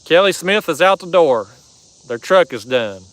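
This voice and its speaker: A man's voice: on the high side, animated, unhurried, a bit bright, poor audio. A man hosting a fishing livestream from a kayak, chatting casually and reading out viewer comments in a folksy drawl. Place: kayak on a river outdoors.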